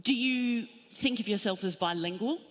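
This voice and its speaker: A woman moderating a panel, asking measured, unhurried questions. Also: on the high side. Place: main stage at a museum, before an audience. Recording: long hall reverb.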